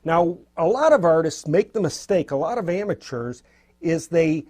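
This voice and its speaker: A man's voice: a little high, animated, normal speed, warm tone. A man teaching abstract painting as he works, talking in a loose, encouraging, spontaneous way. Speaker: painting instructor. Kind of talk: casual painting demonstration.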